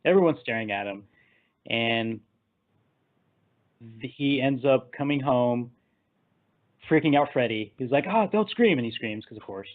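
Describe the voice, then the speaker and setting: A man's voice: mid-range voice, unhurried, pauses often. A man hosting a casual movie discussion, rambling through the plot scene by scene and laughing at his own jokes. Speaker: podcast host. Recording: tinny phone-like line.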